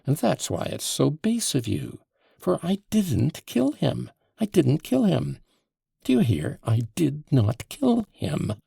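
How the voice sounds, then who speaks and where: A man's voice: medium pitch, huge pitch swings, moderate pace, creaky, hardly any pauses, a little mellow, breathy edge, dry recording, voice pushed up, heavily acted. A man voicing an agitated, passionate accused man in an audiobook, with heated, emphatic outbursts. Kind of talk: audiobook character voice.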